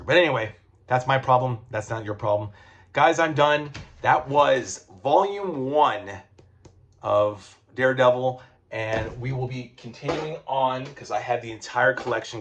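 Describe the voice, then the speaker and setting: A man's voice: mid-range voice, moderate pace, fairly bright tone. A man reviewing comic books in a casual video, rambling with lots of fillers, restarts and swearing.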